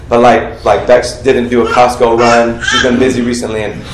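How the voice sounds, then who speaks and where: A man preaching a sermon, calling on the congregation to finish his sentences and shout out answers. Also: medium pitch, moderate pace, hardly any pauses. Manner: animated, coaxes the congregation to call out answers. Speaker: pastor. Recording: echoey room, heard from a distance.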